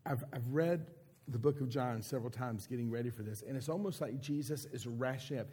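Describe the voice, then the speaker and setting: A man preaching an earnest, emphatic sermon with dramatic pauses. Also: medium pitch, dark tone, breathy edge. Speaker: pastor.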